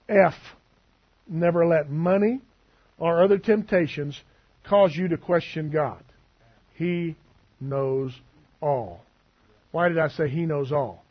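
A man's voice: a little high, slightly rough, muffled recording. A male preacher giving a sermon in a conversational, teasing way, asking the room questions.

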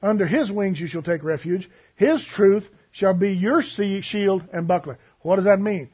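A man preaching a sermon, telling stories and acting out both sides of a conversation in a husky voice. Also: high voice, moderate pace, muffled recording.

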